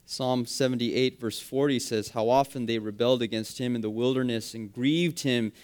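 A man preaching a sermon, with emphatic rising phrases that drop quietly at the ends of points. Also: mid-range voice, fairly even intonation, moderate pace. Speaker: pastor.

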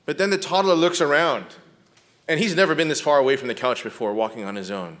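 Soft-spoken male lecturer, conversational. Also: fairly high pitch, quick pace. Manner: often checks in with a tag question "right?"; drops to a soft, gentle tone when describing compassion. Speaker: lecturer teaching biblical counseling.

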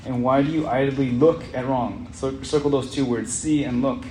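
A man's voice: mid-range voice, moderate pace, mellow. A man teaching an interactive Bible study lesson in an earnest way, putting questions to the group as he reads. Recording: roomy echo, faint background noise.

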